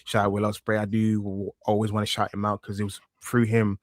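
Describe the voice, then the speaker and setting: A man's voice: lowish voice, fairly quick, dry recording. East london guy in his 30s on a podcast, thick accent, lots of uhs, dead dry sound. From East London, England. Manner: relaxed and reflective, many fillers and restarts. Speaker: podcast guest, wrestling media presenter. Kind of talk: casual interview chat.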